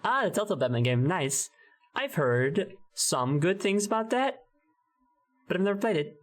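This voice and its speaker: A man with a fairly high voice chats through a gaming stream, rambling and tripping over his own sentences. He giggles often and talks in a loose, easygoing way. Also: sing-song, moderate pace. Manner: rambling, self-interrupting, giggly. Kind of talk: casual gaming stream chat.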